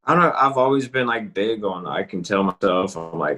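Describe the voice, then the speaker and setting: A man hosting a podcast in casual chat, talking in a laid-back, drawn-out way. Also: fairly low pitch, animated, bright, forceful tone, low-quality recording. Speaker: podcast host.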